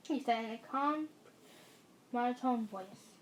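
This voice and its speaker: A woman's voice: on the high side, normal speed, long pauses, a little hiss or hum, rough recording. A woman narrating a second-person story in a casual, chatty way.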